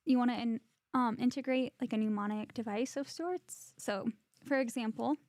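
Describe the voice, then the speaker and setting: A woman co-hosting a casual podcast chat, chatty and quick to laugh, reading viewer comments aloud. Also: fairly high pitch, darkish tone, dry recording, clean studio sound. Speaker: podcast co-host.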